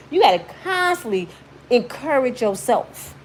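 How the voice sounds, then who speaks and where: A woman's voice: mid-range voice, animated, unhurried, a little hiss or hum. A woman in her fifties giving blunt, emphatic, sermon-like motivational commentary on her YouTube channel.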